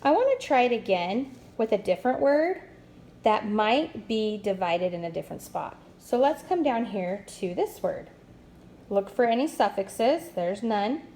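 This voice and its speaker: A woman teaching a first-grade phonics lesson, explaining slowly and patiently with upbeat praise. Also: medium pitch, very animated, warm tone, slight background noise.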